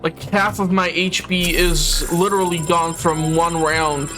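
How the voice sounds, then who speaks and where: This man hosts a casual gameplay commentary over game audio and music. His voice is a little high, flat and a little slow, and he chats along hesitantly with plenty of filler words.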